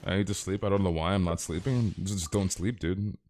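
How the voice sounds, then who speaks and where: Laid-back young man streaming games, low voice. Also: a little fast, background noise. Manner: rambling, calls everyone "dude", amused exclamations. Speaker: game streamer. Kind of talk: casual live-stream chat.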